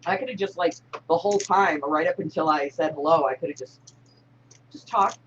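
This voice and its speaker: A woman hosting a casual live-stream chat, laughing loudly and often. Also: low-pitched, fairly quick, dull audio, slight background noise. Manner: loud laughing, animated. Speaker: host.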